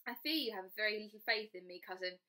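A woman's voice: mid-range voice, fast, pushed and bright, close to an everyday voice. A woman voicing a mysterious, reassuring male ghost cousin who speaks in courtly, archaic phrases, in a storybook reading. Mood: hushed.

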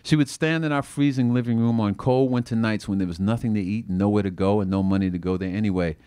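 Author reading his book aloud, low voice, dry close sound, animated storytelling. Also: fast, smooth, no echo. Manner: expressive, acting out the quoted voices. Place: bookstore reading event.

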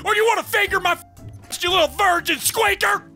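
A man putting on an angry, ranting character who shouts insults at another player in online game chat. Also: very high voice, brisk, faint music behind, voice pushed up, full character voice. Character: furious shouting insult-spewing adult man.

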